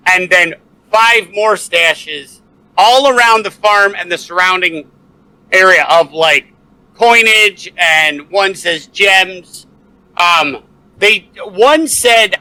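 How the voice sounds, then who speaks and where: A man's voice: sits high, bright, forceful tone, no echo, low-quality recording. A man narrating a tabletop game as game master, loose and full of fillers.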